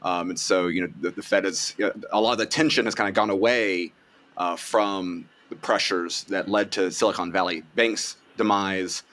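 A man's voice: deep voice, fairly even intonation, moderate pace, a bit bright. A man hosting a podcast, asking a long, rambling question full of "you know". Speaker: podcast host. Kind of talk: podcast discussion.

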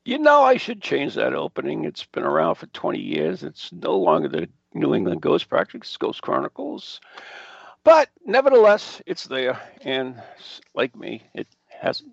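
Gravelly, lively male podcast host. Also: a little high, moderate pace, no room sound, lo-fi sound. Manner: teasing, playful, theatrical. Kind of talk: casual podcast chat.

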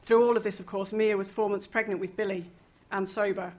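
A woman reading a novel aloud, lively, with casual asides and the odd chuckle. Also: mid-range voice, fairly quick. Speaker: reader.

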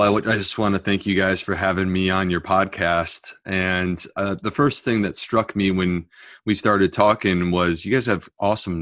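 A man's voice: deep voice, dry recording, studio quality. A middle-aged American man, a gastroenterologist, talking casually and jokingly as a podcast guest over a remote call. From United States. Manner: chatty, joking, animated asides.

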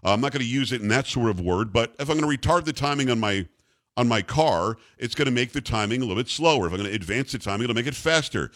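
Blunt, lively older male radio host. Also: mid-range voice, fast talker. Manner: blunt, combative, jokey. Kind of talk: opinionated talk radio rant.

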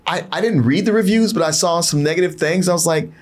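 A man chatting casually about a movie he saw, animated and laughing, acting out his own reactions. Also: on the high side, moderate pace. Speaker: co-host. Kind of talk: casual movie review chat.

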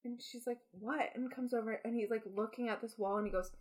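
A young woman co-hosting a podcast, telling a story in an animated way and laughing often in casual chat. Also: on the high side, fast, slight background noise. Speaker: podcast co-host.

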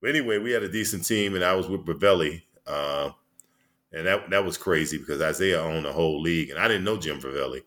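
As a guest in a casual storytelling interview, a former basketball player and coach in his sixties speaks in a deep, low voice. His manner is easygoing and conversational, drifting between memories with frequent "you know" and quick restarts.

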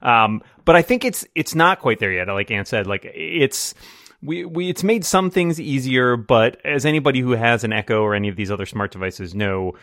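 A man co-hosts a casual tech chat with a wry, joking manner. He thinks aloud and qualifies what he says. His mid-pitched voice is recorded dry and close. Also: normal speed, fairly bright tone, no room sound. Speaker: podcast co-host.

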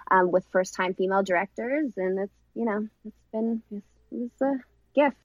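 A woman's voice: medium pitch, normal speed, no room sound, lo-fi sound. Rambling woman director in an interview. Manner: warm, rambling, lots of restarts. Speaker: film director and actress. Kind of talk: casual interview chat.

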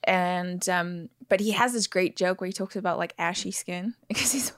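A woman's voice: on the low side, normal speed, fairly bright tone, no echo, clean studio sound. A woman in her forties from South Africa with an American accent, a chatty guest in a casual podcast chat who laughs easily. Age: 40s. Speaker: guest actor.

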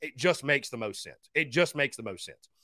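Bright, energetic male podcast host. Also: mid-range voice, moderate pace, no room sound, studio quality. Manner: energetic, repeats himself, talks straight to viewers; thanks fans and shouts out supporters by name. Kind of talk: live-stream call-in show chat.

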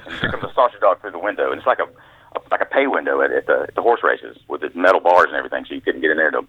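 Over a dry, thin phone connection, a former caddy turned author spins loose, homespun tales as an interview guest, often backing up to start over. His voice rumbles low, and he sounds animated and racing, with a breathy edge and no room sound.

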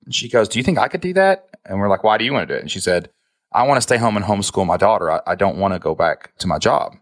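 A podcast guest who founded an online business speaks in a low, grounded voice with rapid-fire delivery, candid and emotionally earnest, often slipping "man" into his sentences. The recording is close and dry, with no echo or room sound.

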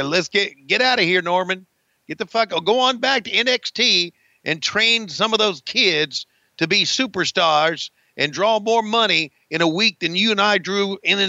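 A man's voice: sits high, creaky, bright, forceful tone, no echo, lo-fi sound. A man calling play-by-play over an old wrestling match, crude and rambling, joking with his co-host and cursing often.

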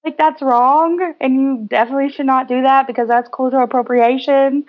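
A young woman co-hosting a podcast in casual chat, with quick, chatty asides. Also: high-pitched, fairly even intonation. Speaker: podcast co-host. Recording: slightly dull lo-fi sound.

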